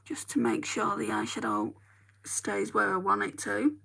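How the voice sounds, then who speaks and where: Her medium-pitched voice is sing-song, unhurried and creaky, with noise in the background. A beauty vlogger with a northern English accent, she rambles chattily to viewers as she applies her makeup.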